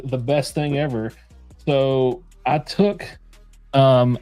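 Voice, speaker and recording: A man's voice: mid-range voice, darkish tone, no echo. A man co-hosting a casual live bourbon stream, loose and jokey with a lot of swearing. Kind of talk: casual livestream chat.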